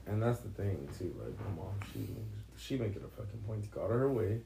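A man with a low, gravelly voice that swings up and down a lot as he jokes and swears among friends. He is recorded in an echoey room with a faint hum of background noise. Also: expressive, warm tone. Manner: joking, swearing, quick reactions. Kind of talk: casual chat.

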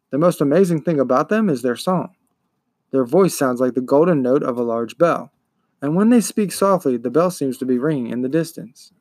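A man reading a novel aloud in a measured, deliberate storytelling voice. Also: fairly high pitch, darkish tone, dry recording, studio quality. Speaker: reader. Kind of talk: audiobook reading.

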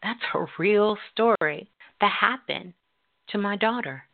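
A middle-aged woman radio host telling a story in a slow, drawn-out, emphatic way. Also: medium pitch, expressive. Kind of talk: storytelling talk. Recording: tinny phone-like line.

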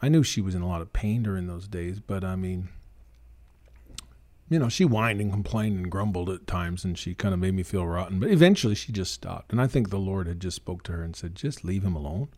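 A man's voice: sits low, expressive, brisk, darkish tone, no echo. A middle-aged Canadian man and preacher, telling his story earnestly and emphatically in a casual interview, sometimes quoting others. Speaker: guest, preacher.

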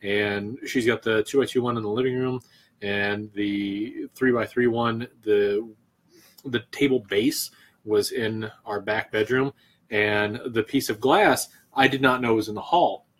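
Husky-voiced man telling stories casually. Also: fairly low pitch, fairly even intonation, measured pace, fairly bright tone. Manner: laid-back storyteller, frequent swearing. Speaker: podcast co-host. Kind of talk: casual beer-tasting chat.

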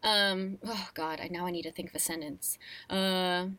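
A young woman chatting casually as a guest, animated and playful, laughing often as she talks. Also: on the low side, normal speed. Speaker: guest, voice actor. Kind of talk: casual conversation.

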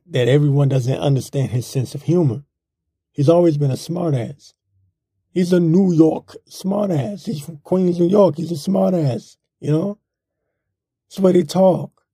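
Blunt, gravelly-voiced man ranting. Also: fairly high pitch, dark tone, no room sound, studio quality. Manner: blunt, rambling, mocking. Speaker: political commentator. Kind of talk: casual opinion monologue.

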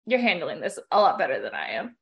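A woman's voice: lowish voice, sing-song, fast talker, gravelly, lo-fi sound. A woman player speaking in character in a tabletop game, playful and joking.

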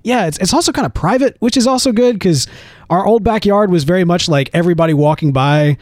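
A man co-hosting a podcast in casual chat, talking in a chatty, animated way with frequent fillers. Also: sits high, quick pace, dry recording, clean studio sound. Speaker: podcast co-host.

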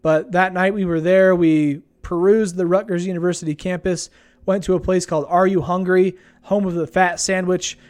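A young man with a fairly high voice recounts his trip in a loose, rambling vlog style. He talks laid-back and easygoing, dropping plenty of ums and uhs along the way. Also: steady tone, normal speed, a little mellow. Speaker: vlogger. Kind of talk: casual travel storytelling.

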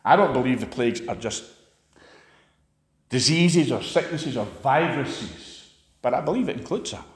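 A man preaching a sermon, impassioned, swinging sharply between loud and quiet. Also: lively intonation, normal speed. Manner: impassioned, rises and drops sharply in pitch and volume. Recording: long hall reverb.

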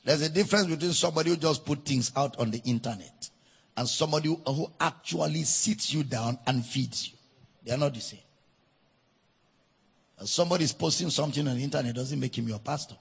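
A man preaching a sermon as pastor, slow and emphatic, repeating key phrases for weight. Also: on the high side, gravelly, husky, long reverb tail.

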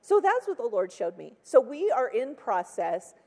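Woman in her sixties, church testimony, chatty storytelling, mellow voice, long reverb of a big hall. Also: fairly high pitch, big pitch swings, normal speed. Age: 60s. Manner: chatty storytelling full of "like" and acted-out quotes. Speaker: church speaker. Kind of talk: personal testimony from the pulpit.

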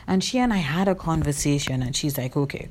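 A woman's voice: sits low, animated, a little fast, a little mellow. A woman hosting a podcast, telling a personal story in a candid, reflective way, with many fillers and self-corrections. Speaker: podcast host.

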